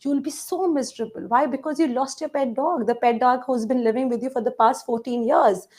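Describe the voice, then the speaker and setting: A woman's voice: sits high, brisk, darkish tone. A woman teaching an online English vocabulary class for exam preparation, explaining words through everyday examples and asking the class questions, with a few Hindi words mixed in.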